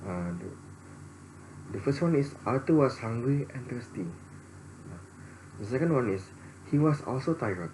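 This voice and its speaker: A man's voice: medium pitch, animated, darkish tone, poor audio. A young man giving a student presentation, reading his notes with frequent fillers and false starts. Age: young adult. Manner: halting, many fillers and restarts. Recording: faint background noise.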